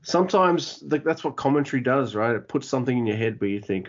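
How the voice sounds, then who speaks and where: A man's voice: mid-range voice, quick pace, few pauses, highs cut off. A man hosting a podcast, chatting easygoing and playful about a match. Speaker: podcast host. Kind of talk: casual podcast chat.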